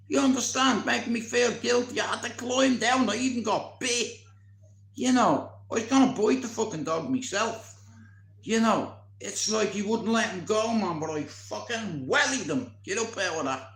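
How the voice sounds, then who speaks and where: A man, telling a story in casual, animated chat, swearing constantly. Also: high voice, moderate pace, echoey room. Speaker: vlogger.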